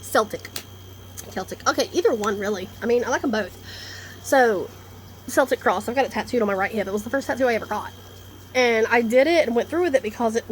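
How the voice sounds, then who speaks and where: A woman with a somewhat high voice rambles through a casual vlog monologue. She is blunt and swears freely, hopping from one topic to the next. Faint room ambience sits under her voice. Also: a little hiss or hum. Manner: blunt, profane, animated, jumps between topics. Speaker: vlogger. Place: indoors, storm coming in outside.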